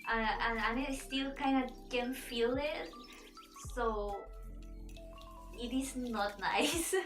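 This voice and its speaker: A woman's voice: a little high, slow, a bit bright. A woman VTuber streamer chatting casually while she draws, telling a story in a rambling way with frequent restarts. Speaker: VTuber streamer and webtoon artist. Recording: echoey room, mic at a distance, background music. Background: background music.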